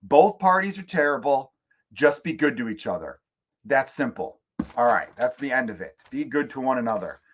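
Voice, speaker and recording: A man's voice: mid-range voice, lively intonation, moderate pace, a bit bright, breathy edge. A middle-aged man hosting his own comedy podcast from home, rambling through opinions in a casual rant and swearing freely. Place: room at home.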